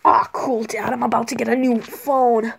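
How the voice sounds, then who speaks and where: A woman's voice: a little high, flat delivery, moderate pace, gravelly, husky. A woman voicing a spoiled, whiny young male turtle prince who pleads and gushes in a homemade toy skit. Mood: eager.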